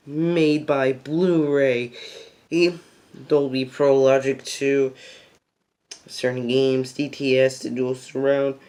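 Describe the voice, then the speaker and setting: Unhurried, rambling game vlogger; excitable, loses the thread, restarts, mid-pitched voice. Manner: rambling and excitable, repeats "freaking epic". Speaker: gaming video host. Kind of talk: casual game recommendations.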